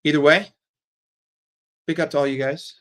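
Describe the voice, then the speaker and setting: A man's voice: fairly high pitch, steady tone, normal speed, a bit bright. Profane, ranting football fan man. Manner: heated, profane, sarcastic ranting. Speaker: football fan channel host. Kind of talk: casual ranting commentary.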